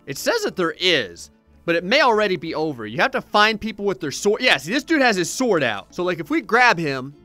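A man giving jokey, excitable commentary while playing a god game in VR. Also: high-pitched. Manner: jokey, excitable, mock-godlike. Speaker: gameplay commentator. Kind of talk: playful VR gameplay commentary.

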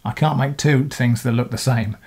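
A man's voice: medium pitch, fairly even intonation, moderate pace, darkish tone, a little hiss or hum. Thoughtful middle-aged man rambling. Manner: thoughtful, rambling, with frequent self-corrections. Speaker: video creator answering comments. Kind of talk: casual talk to camera.

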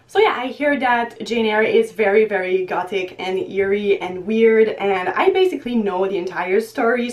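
Young female book vlogger, casual and chatty, laughs a lot, mid-pitched, mic set back a bit. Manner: chatty, often breaks into laughs. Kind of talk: casual chat to camera. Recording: voice a little distant from the mic.

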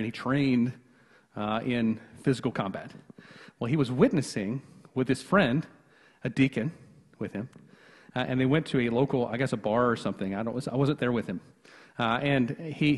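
A man's voice: mid-range voice, slightly rough. A man preaching a sermon as pastor, talking conversationally with asides and restarts. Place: church sanctuary. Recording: long church reverb.

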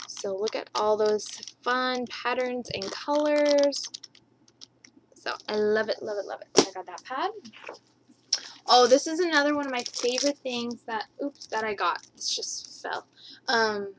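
Gushing, chatty woman with a high voice. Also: unhurried, background noise. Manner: gushing, repeats her enthusiasm ("love, love, love"); chatty, rambling asides. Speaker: scrapbooking haul vlogger. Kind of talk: casual show-and-tell haul video.

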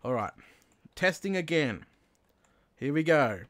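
A man narrating his own Minecraft play, talking himself through each step and bursting into excited shouts when things work. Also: fairly high pitch, slow. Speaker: gaming channel host. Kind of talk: Minecraft let's play commentary.

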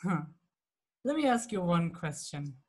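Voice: medium pitch, big pitch swings, a little slow. Interprète qui joue un chef de tueurs glacial, sec et méprisant, voix moyenne. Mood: sarcastic. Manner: clipped, dismissive. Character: cold, curt boss of hired killers.

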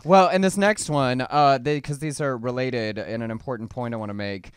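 A young adult man from the American South, co-hosting and giving earnest, measured news commentary. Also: medium pitch, clean tone, no echo, studio quality. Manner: earnest, measured, fluent argument. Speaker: co-host.

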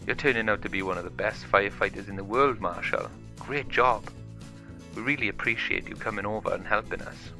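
A cheery postman full of thanks, voiced by a man in a toy story. His bright tone lifts a little above the storyteller's. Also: lowish voice, brisk, creaky, soft background music, heavily acted. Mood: grateful. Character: friendly grateful male postman.

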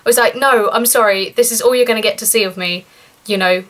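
A woman's voice: quick pace, fairly bright tone. Chatty young woman telling a story. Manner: chatty and indignant, rising pitch when outraged. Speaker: vlogger. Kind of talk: story time vlog.

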